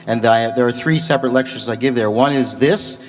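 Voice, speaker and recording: A man giving a lecture and answering audience questions in a measured, explanatory way. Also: mid-range voice, over music. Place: large conference hall. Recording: long hall reverb.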